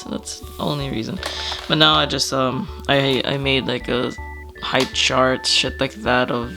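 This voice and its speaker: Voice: mid-range voice, little pitch movement, measured pace, creaky, over music. An artist casually flipping through a sketchbook, rambling, swearing, laughing often and trailing off, with a slightly stuffy nose.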